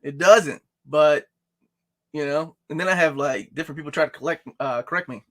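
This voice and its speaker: A man's voice: a little high, normal speed, fairly bright tone. A man hosting a casual live-stream chat, joking and playful as he talks. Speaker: host.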